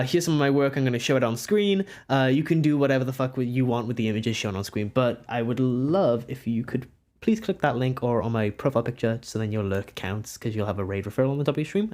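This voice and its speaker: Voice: mid-range voice, darkish tone. A young adult from Wales with a Welsh accent, chatting casually with viewers on a live art stream, giggling often and rambling.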